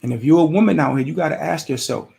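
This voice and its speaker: Gravelly man giving casual advice. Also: a little high, quick pace, a little mellow. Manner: conversational, repetitive, preachy with rhetorical questions. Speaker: podcast host. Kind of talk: casual motivational monologue.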